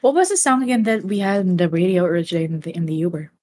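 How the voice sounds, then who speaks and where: A woman co-hosting a podcast in casual chat, talking in a playful, teasing way with quick asides. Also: on the low side, lively intonation, dark tone. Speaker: podcast co-host.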